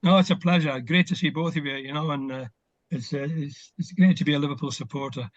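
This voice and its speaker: An older former footballer, guesting on a casual video-call interview, reminisces warmly with plenty of fillers. His voice is on the high side and fast, and the recording is dry and dull.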